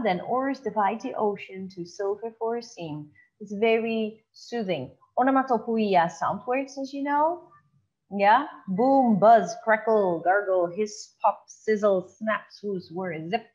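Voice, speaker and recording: A woman teacher explaining to her class in a lecture, often checking in with a quick tag question and slowing down to read examples aloud. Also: mid-range voice, dull audio.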